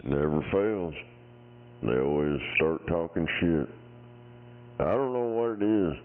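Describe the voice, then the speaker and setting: A man, taunting and swearing in gruff banter over the CB radio. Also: deep voice, expressive, slow pace. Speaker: CB radio talker. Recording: tinny radio transmission with faint noise.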